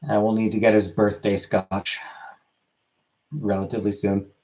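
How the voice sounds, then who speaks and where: A man with a somewhat low-pitched voice talks casually to his livestream chat. He speaks in a laid-back, halting way, often repeating himself as he answers messages. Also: flat delivery, darkish tone. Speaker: livestream host. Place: small room lit by many studio lights.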